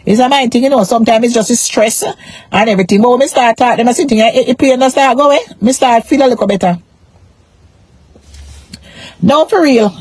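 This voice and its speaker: A woman's voice: a little high, brisk, long pauses, darkish tone, husky, no room sound. A Jamaican woman on a casual live stream, rambling in a repetitive, emphatic way about money, shame and her pain. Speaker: social media personality.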